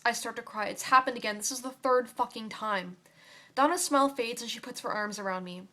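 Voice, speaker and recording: Young woman quietly reading her story. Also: a little high. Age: young adult. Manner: quiet, halting, with fillers and restarts.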